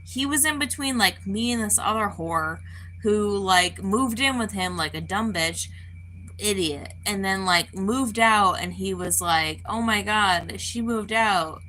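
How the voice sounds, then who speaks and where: A woman's voice: mid-range voice, measured pace, bright, forceful tone, a little hiss or hum, low-quality recording. A woman spiritual advisor ranting off the cuff to camera, swearing heavily and filling her talk with "like.". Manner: profane, heated, full of "like" fillers. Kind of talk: unscripted rant to camera.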